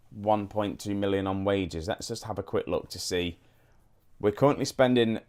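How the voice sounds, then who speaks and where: Deep-voiced man chatting over a game. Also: darkish tone. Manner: chatty, thinking aloud, addresses viewers. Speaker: gaming YouTuber. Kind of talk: casual let's-play commentary.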